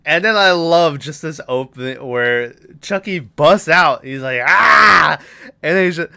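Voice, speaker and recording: A man's voice: a little high, lively intonation, normal speed, bright, forceful tone, clear, resonant tone. A man hosting a podcast, recapping a film in a rambling, casual way, swearing and acting out lines. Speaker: podcast host.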